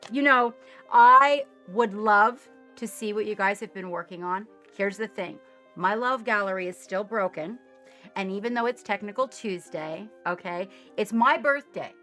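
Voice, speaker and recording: Bubbly, bright-voiced woman streamer. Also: a little high. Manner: bubbly, chatty, laughs at herself. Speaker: streamer chatting with viewers. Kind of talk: casual live-stream chat. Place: home studio.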